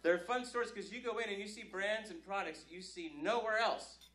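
Man, stand-up comic, rambling and self-deprecating, slightly high voice, roomy club sound, audience noise behind. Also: moderate pace, a bit bright. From Northern California. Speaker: stand-up comedian. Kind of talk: stand-up comedy set. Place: comedy club stage. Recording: live club recording, roomy with crowd.

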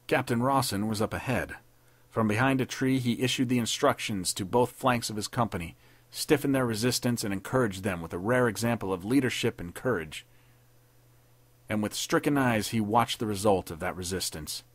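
Brief: male podcast narrator, steady dramatic pulp reading, deeper side, dead-dry recording. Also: moderate pace, no echo. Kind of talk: scripted narration of a pulp story.

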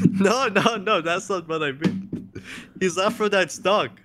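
A man talking as a guest in a casual interview, excitable and jokey, slipping into playful mock voices. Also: sits high, measured pace, background noise. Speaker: interview guest, content creator.

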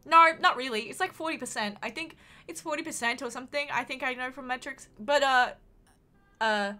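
A young Australian woman from Queensland chats casually with her livestream audience, rambling, swearing, joking, and laughing a lot. Her voice is high, bright, and forceful, and she talks a little fast.

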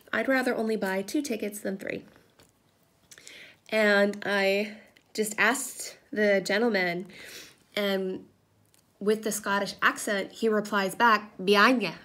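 Woman, 30s, crafting vlogger at home, relaxed chatty storyteller, filler-heavy. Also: medium pitch, slow, pauses often. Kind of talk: casual chat while crafting. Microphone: camera propped on a table.

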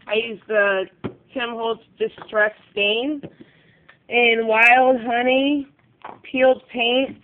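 A woman's voice: mid-range voice, slight background noise. Chatty crafting woman, tinny phone sound. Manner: chatty, rambling, apologetic asides. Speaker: craft vlogger. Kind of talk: casual craft show-and-tell. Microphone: phone camera. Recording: tinny phone-quality recording.

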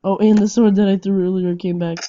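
A woman giving casual game commentary, excitable, with frequent yelps and laughs. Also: mid-range voice, fairly quick, dry recording, muffled recording. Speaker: gameplay commentator.

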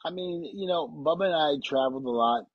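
A man's voice: on the high side, fairly quick, breathy edge, no room sound, muffled recording. A middle-aged man, a retired pro wrestler, telling casual anecdotes as a guest and laughing through them.

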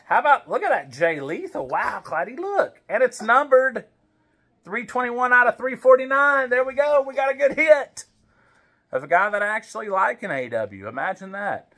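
Bright-voiced dad chatting over card packs. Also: male voice, extremely high pitch, sing-song, moderate pace. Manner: chatty, talks to his baby while reading card names. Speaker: wrestling card collector vlogger. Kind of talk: casual pack-opening chat. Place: home.

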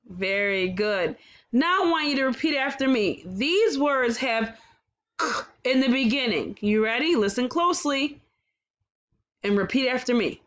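A woman teaching a kindergarten phonics lesson, slowly sounding out words and praising the children with exaggerated, sing-song encouragement. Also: a little high, expressive, fairly bright tone. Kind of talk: slow, clearly enunciated phonics lesson for young children.

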